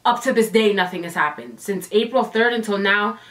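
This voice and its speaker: A woman's voice: medium pitch, expressive, a little fast, a bit bright. A woman telling her own ghost story as a casual storytime vlog, emotional and dramatic, with sighs and exclamations. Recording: voice a bit distant from the mic.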